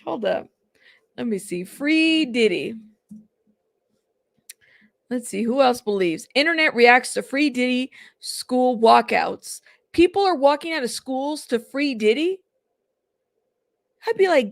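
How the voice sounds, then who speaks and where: A woman's voice: on the high side, expressive, a little slow, vocal fry, long pauses, no room sound, studio quality. A woman hosting a casual reaction commentary stream, chatty and exasperated, often laughing. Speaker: commentary channel host.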